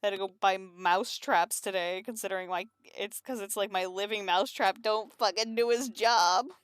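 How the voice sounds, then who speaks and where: A woman streams from her room at home, rambling casually while she works on comics, laughing often and swearing now and then. Her mid-range voice is smooth, with fairly even intonation and a moderate pace. The recording is dry and studio quality.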